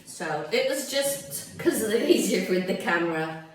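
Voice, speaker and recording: A woman's voice: mid-range voice, animated, measured pace. A woman from Canada chatting casually and digressively through a home cooking video, laughing often. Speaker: home cook. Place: home kitchen. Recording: very echoey room, mic far off.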